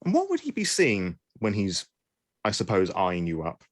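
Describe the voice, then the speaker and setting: Guy running a tabletop game, low voice, wry, jokes at himself, dry sound. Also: wildly swooping pitch, moderate pace, no room sound. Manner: wry, self-mocking, with restarts. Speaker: game master.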